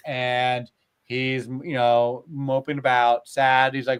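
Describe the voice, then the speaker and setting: A man retelling old myths in a casual, animated way, with lots of filler words, as a podcast host. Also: medium pitch, slow, clear, resonant tone. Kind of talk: casual storytelling chat.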